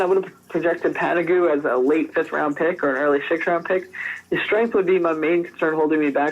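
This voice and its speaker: A man's voice: on the high side, lo-fi sound. A man co-hosting a sports podcast, giving casual scouting analysis with frequent restarts. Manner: conversational, frequent restarts and fillers. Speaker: podcast co-host.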